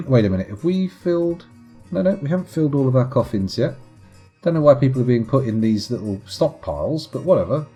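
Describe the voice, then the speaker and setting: A man's voice: mid-range voice, animated, fairly quick, warm tone, breathy edge, faint music behind. A man streaming live gameplay commentary in a playful, chatty, self-mocking way.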